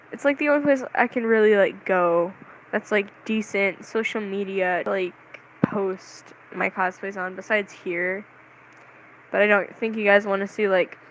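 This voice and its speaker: A young vlogger chatting casually to the camera, rambling and excitable, with lots of "like"s and giggles. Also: medium pitch, highs cut off, slight background noise. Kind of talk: casual vlog chat.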